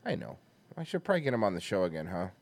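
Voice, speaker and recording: A man hosting a stream, chatting in a rambling, animated way and swearing casually. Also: sits low, racing, gravelly. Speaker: streamer host.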